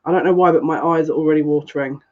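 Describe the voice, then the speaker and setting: A woman's voice: low voice, steady tone, rapid-fire, darkish tone, dull audio. A woman psychic reader chatting on a live stream, rambling casually and greeting viewers one by one by name. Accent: noticeable accent, complimented by viewers.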